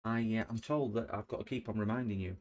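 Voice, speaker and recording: A slightly mellow, lowish male voice moves at a quick clip. The middle-aged speaker is repairing electronics on a livestream, rambling and joking as he works and humming or singing along to himself.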